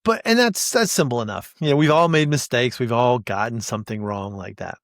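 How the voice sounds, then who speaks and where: A man's voice: mid-range voice, animated, a little fast, fairly bright tone, dry recording, studio quality. A man hosting a podcast as a casual monologue, rambling and self-deprecating, with frequent restarts and light laughs. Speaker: podcast host.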